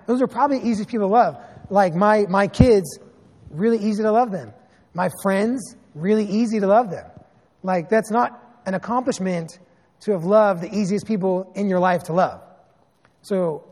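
A fairly high-pitched man in his thirties, preaching as a pastor. He tells his stories in an animated way and slips in sarcastic asides. His voice rings out with a long reverb, as in a church hall. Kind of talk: sermon.

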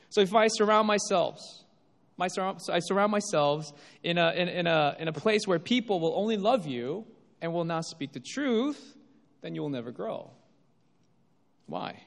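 Animated male preacher in a reverberant hall. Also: a little high. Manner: emphatic, rises and drops for effect. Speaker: pastor. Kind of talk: sermon.

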